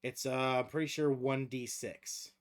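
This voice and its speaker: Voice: mid-range voice, fairly even intonation, normal speed. A game master running a tabletop game on stream, talking casually, swearing freely and laughing often.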